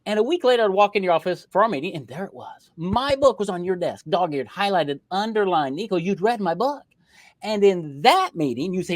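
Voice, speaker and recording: A middle-aged man, a podcast guest, telling his story in a lively way and acting out bits of dialogue. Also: high voice, brisk, dry recording. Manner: lively storyteller who acts out dialogue in changed voices. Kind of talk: casual interview storytelling.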